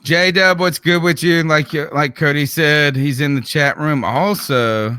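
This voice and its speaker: A man with a Southern drawl chats about sports in a bright, forward voice. He talks in loose, searching sentences full of rhetorical questions. The sound is dry and close. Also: a little high, fairly even intonation, measured pace, clean tone, no echo. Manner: conversational, prone to restarts and rhetorical questions. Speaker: podcast co-host. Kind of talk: casual sports talk.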